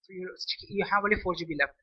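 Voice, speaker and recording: A man's voice: sits high, racing, slightly rough. A man giving a rambling, casual tech explanation for a vlog, often restarting sentences and checking in with "okay?". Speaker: tech vlogger. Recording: distant, dull lo-fi mic.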